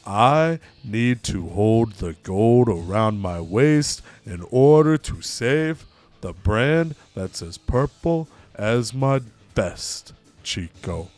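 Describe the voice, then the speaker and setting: A man's voice: medium pitch, expressive, takes it slowly, darkish tone, soft background music, pitched below the performer's own voice. A man putting on a cocky, swaggering male wrestler's voice, drawling lines and calling people Chico. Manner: drawling, calls everyone Chico.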